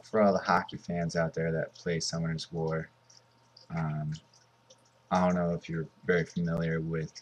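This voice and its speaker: A Southern California man in his twenties gives rambling, offhand commentary over a mobile game. His voice sits low and is slightly rough.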